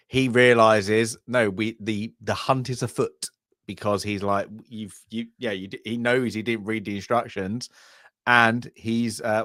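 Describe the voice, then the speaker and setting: A man's voice: fairly low pitch, dry recording, clean studio sound. A man co-hosting a casual film discussion, rambling and trailing off as he recalls scenes. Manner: rambling, trails off, quiet laughs. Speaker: film review co-host.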